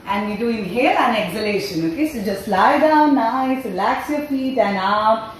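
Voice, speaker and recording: A woman's voice: a little high, lively intonation, normal speed, a little hiss or hum. A woman leading a playful sing-along yoga class for parents and babies. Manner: playful, sing-song, coaxing. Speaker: mother-and-baby yoga trainer. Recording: echoey room, far from the mic.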